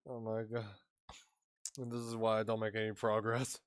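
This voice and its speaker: A man's voice: lowish voice, monotone, normal speed, clear, resonant tone, no echo, studio quality. A man streaming a game, reading its lines aloud with wry, self-mocking asides.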